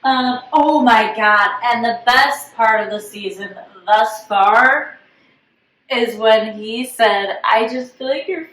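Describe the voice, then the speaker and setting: A woman's voice: on the high side, slow pace, a bit bright, roomy sound, far from the mic, poor audio. A woman co-hosting a casual chat podcast who recaps events in a chatty way and draws words out for emphasis. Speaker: podcast co-host.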